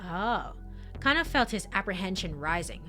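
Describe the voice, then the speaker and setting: A woman's voice: medium pitch, normal speed, soft background music. A woman streamer narrating a story game and reacting between lines with giggles. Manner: giggly, animated, reads text then reacts. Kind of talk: let's play narration and commentary.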